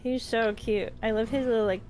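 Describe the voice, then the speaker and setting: A woman's voice: a little high, steady tone, brisk, darkish tone, soft background music. A woman joining a stream as a guest, chatting casually and giggling while she rambles enthusiastically about her game. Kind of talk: casual gaming stream chat.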